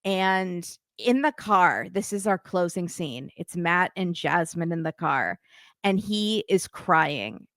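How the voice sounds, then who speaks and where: A woman's voice: on the low side, slow pace, no room sound, clean studio sound. A woman guest recapping a reality TV episode in casual chat, telling it animatedly and acting out what people said. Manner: animated storytelling, acting out quotes. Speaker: podcast guest.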